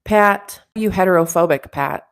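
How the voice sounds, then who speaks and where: A woman's voice: lowish voice, moderate pace. A woman hosting a casual livestream chat, reading out viewer comments and teasing them in a chatty way. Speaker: livestream host.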